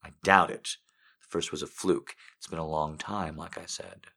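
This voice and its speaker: Defiant young woman lover, terse and challenging, read by a man in his own very low register. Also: steady tone, moderate pace, vocal fry, pushed and bright, husky, full character voice.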